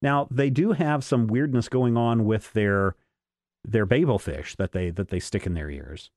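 A man's voice: fairly low pitch, unhurried, a little mellow, dry recording, studio quality. A man co-hosting a casual comic-book podcast, joking and breaking into silly voices. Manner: jokey, slips into silly voices. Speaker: podcast co-host.

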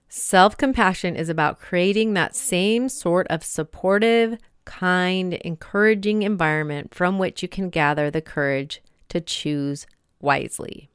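Chatty woman podcast host with a smooth, clear voice; dry and close recording. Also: lowish voice, unhurried, no room sound. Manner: chatty, conversational, many fillers. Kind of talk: casual book discussion.

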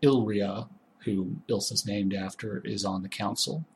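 Male game master, low-ish register, explanatory tone, slight background noise. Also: measured pace, darkish tone. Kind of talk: narrating a tabletop game.

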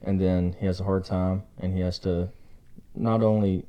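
A man talking as a guest on a casual podcast, halting and a bit hesitant. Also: deep voice, little pitch movement, warm tone.

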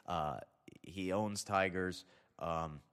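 A man's voice: deep voice, steady tone, drawn-out words, fairly bright tone, smooth. A young man telling a rambling, profane comedic anecdote, often cutting himself off mid-sentence. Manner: rambling, profane, self-interrupting. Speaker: storyteller. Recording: long reverb.

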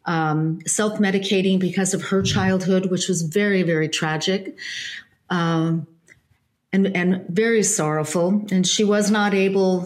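A woman telling a personal story in an earnest, halting way, with fillers and restarts. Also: fairly low pitch. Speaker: guest. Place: Laguna Beach area.

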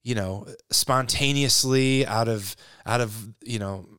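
A man co-hosts a casual faith podcast, speaking in an earnest, reflective way as he thinks aloud. His voice sits at an ordinary pitch. The recording is close and dry. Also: takes it slowly, a bit bright, clear, resonant tone, no room sound. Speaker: podcast co-host.

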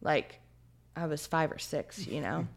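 Low-voiced woman in her twenties, earnest. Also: measured pace, gravelly. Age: 20s. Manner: earnest, heartfelt, full of "like" and "you know". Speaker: podcast guest. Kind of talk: storytelling in a casual interview.

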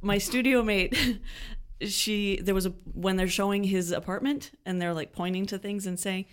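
A woman's voice: mid-range voice, fairly even intonation, normal speed, clear, resonant tone. A woman chatting with improviser friends, telling stories in a hesitant, rambling way. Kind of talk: casual group chat.

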